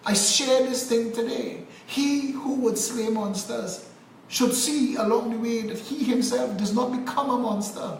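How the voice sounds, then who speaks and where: A Trinidadian man delivers a fiery, angry political rant with a preacher's rolling cadence. His voice sits at a middling pitch and rings in an echoey room with a faint hiss behind it. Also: normal speed, darkish tone. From Trinidad and Tobago. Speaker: political commentator vlogger. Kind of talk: impassioned political monologue.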